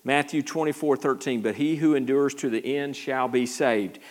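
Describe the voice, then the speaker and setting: A man teaching a verse-by-verse sermon in an easy, talky way. He trips over his words and restarts often. When he quotes how people talk, his voice leaps up sharply. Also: normal speed. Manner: conversational teaching with frequent stammered restarts; animated, jumps high when acting out quotes. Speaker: pastor.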